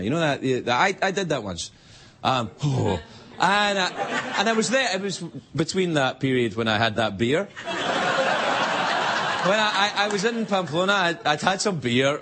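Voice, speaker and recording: A man hosting a late-night show, telling a rambling, self-mocking comedy monologue with many restarts. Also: a little high. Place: TV studio stage before a live audience. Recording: loud audience laughter and studio noise. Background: live studio audience laughing.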